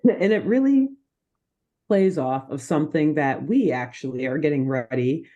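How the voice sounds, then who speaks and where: A woman co-hosting a podcast, recapping a cartoon episode in an animated, laughing chat. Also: sits low, lo-fi sound. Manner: animated, laughing, quick asides. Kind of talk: casual chat.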